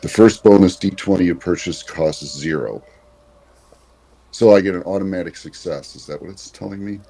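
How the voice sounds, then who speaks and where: A man's voice: sits low, moderate pace, vocal fry, dark tone. A man chatting as a player in a tabletop game, thinking aloud. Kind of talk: casual chat at a game table.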